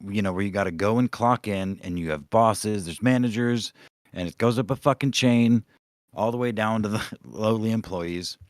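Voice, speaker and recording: Man hosting a podcast, deep voice, profane and rambling, dry close mic. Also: no echo. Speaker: podcast host. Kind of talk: casual livestream podcast chat.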